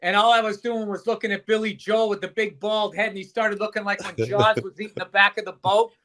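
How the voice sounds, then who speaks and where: Give me a man telling profane comic stories with a high, sharp voice. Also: level tone, a little fast. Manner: blunt, profane, teasing. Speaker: podcast guest. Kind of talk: comic storytelling.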